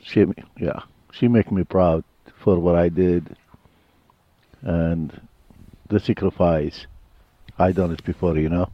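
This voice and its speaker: A low-voiced man speaks earnest, blunt English with grammar. The sound is a little muffled and dry, with faint music underneath. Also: steady tone, slow, long pauses, no room sound. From Iraq. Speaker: guest. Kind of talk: casual conversation. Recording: slightly dull with faint music.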